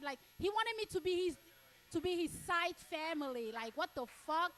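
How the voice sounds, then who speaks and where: A woman from Cameroon doing stand-up crowd work, blunt and crude, repeating herself and breaking into shouts. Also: very high voice, moderate pace. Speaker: stand-up comedian.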